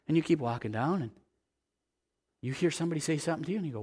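A man delivering a sermon with a fairly high-pitched voice. He preaches in an animated way, acting out everyday scenes in different voices and putting questions to his listeners. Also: rapid-fire, pauses often, husky. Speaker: pastor.

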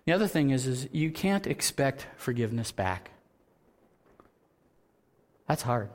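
Male pastor in the pulpit, average pitch, expressive sermon delivery with acted-out quotes. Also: measured pace. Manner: animated storytelling, acts out quoted voices, laughs at himself; drops to a soft, quiet voice for earnest points.

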